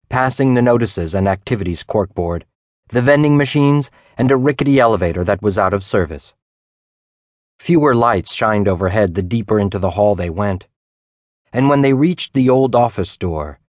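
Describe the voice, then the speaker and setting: Low-voiced man narrating an audiobook. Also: a little mellow, no room sound, clean studio sound. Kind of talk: scripted narration.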